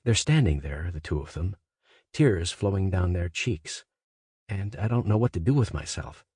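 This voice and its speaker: A man reading a literary story aloud as a first-person monologue. He speaks in a measured, conversational way and then rises into sudden emphatic questions. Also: low voice, lively intonation, darkish tone, breathy edge, no echo, studio quality. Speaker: audiobook narrator. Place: studio booth. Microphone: close studio mic.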